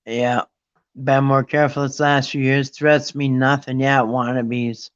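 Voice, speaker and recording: A man's voice: medium pitch, level tone, unhurried, smooth, highs cut off. A man hosting a casual live stream, talking in an indignant, mocking way and rambling with restarts. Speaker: livestream host.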